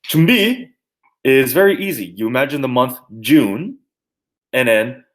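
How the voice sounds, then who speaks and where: Animated man teaching martial arts terms. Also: mid-range voice, normal speed. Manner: animated, jokey, sings and mimics to teach words. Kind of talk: teaching terminology with playful mnemonics.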